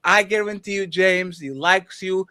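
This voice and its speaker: A man's voice: high voice, a little slow, sharp tone. A man co-hosting a casual podcast, rambling through points and asking "you see what I'm saying?". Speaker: podcast co-host. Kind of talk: casual debate chat.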